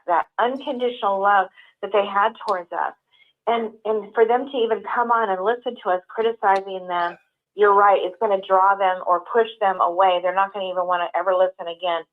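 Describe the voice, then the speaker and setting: A woman co-hosting a call-in show, speaking earnestly in long flowing runs. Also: mid-range voice. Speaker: co-host. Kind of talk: heartfelt call-in talk. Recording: tinny phone-line audio.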